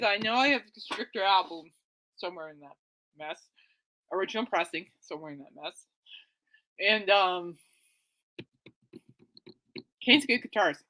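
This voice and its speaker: A woman hosting her own podcast, rambling casually and excitably, often correcting herself. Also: mid-range voice. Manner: chatty, excitable, self-correcting. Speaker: podcast host.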